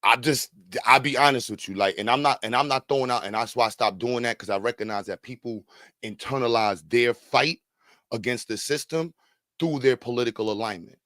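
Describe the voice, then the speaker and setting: Man, podcast host, casual reaction commentary, profane, animated, mid pitch, dry close sound. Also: brisk, dry recording. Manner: animated, profane, swings between calm and loud.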